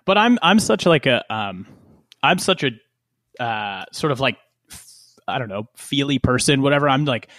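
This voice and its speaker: A man's voice: medium pitch, animated, normal speed, a bit bright, no echo, clean studio sound. A man in casual conversation, talking in a loose, rambling way with many fillers and restarts.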